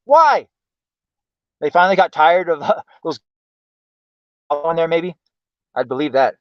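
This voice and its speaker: A man's voice: a little high, dry recording. A man hosting a livestream, ranting with exasperation and heavy profanity and asking why again and again. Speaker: livestream host. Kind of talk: ranting commentary. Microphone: home streaming mic. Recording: dull lo-fi stream audio.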